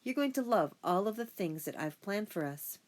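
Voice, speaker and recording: A woman reading an audiobook and voicing a loving, busy father who speaks in hurried reassurance. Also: mid-range voice, lively intonation, natural voice. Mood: affectionate.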